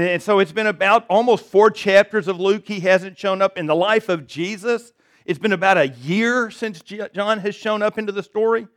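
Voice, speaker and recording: A man preaching a sermon to a church congregation, conversational and self-deprecating, often checking in with "right?". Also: high-pitched. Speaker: pastor. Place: church service before a congregation.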